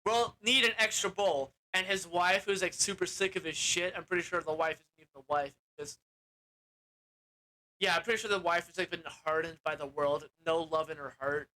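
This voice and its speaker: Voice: mid-range voice, steady tone, brisk, sharp tone, low-quality recording. A film reviewer giving a casual, rambling plot recap, often correcting themselves and swearing offhandedly.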